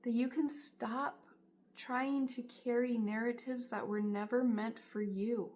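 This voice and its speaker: A woman reads tarot for her viewers in a somewhat high voice, taking her time over each phrase. She sounds earnest and encouraging, pressing her points with emphasis. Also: steady tone, slow pace, a little mellow. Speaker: tarot reader. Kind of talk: spiritual tarot reading monologue.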